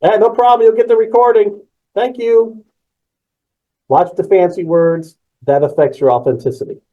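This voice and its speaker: Energetic and emphatic, this male presenter leads a live webinar on presenting, hammering key words and reacting to chat messages. His pitch is mid-range, and the audio sounds like it came through a phone.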